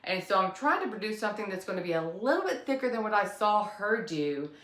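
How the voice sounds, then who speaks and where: Mujer chateando en una cocina con eco. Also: female voice, mid-range voice, sing-song, fast talker, fairly bright tone, roomy sound. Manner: chatty, self-deprecating, upbeat. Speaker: cooking channel host. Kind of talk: casual cooking vlog talk.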